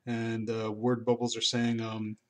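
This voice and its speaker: A man's voice: mid-range voice, monotone, unhurried. A man casually narrating a tour of his old sketchbook, rambling with many fillers and restarts. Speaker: artist vlogger.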